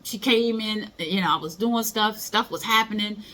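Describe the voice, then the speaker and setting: A middle-aged woman who works as a motivational speaker talks at normal speed in a mid-range voice that sounds pushed and bright. She tells stories and gives casual advice conversationally, voicing the people she quotes.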